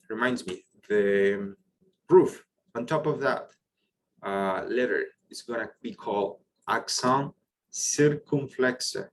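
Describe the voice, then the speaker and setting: Man, low voice, French teacher, online class, encouraging, non-native English phrasing, slight background hum. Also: a bit bright, rough recording. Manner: encouraging, praises questions, explains step by step.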